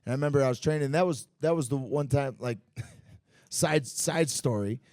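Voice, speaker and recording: A Muay Thai fighter telling stories in a casual podcast interview at a bar and grill, animated and profane, full of fillers. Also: male voice, medium pitch, moderate pace, no echo, clean studio sound.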